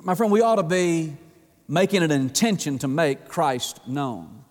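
A man's voice: fairly high pitch, unhurried. A middle-aged man, a pastor, preaching a sermon in a folksy, emphatic way, with repeated phrases and direct appeals to the congregation. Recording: long reverb of a large hall.

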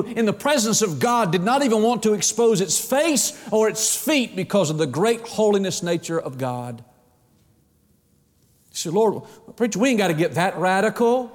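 A middle-aged man preaching a sermon in an animated way, acting out the voices of God and of people. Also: high voice, in a large hall.

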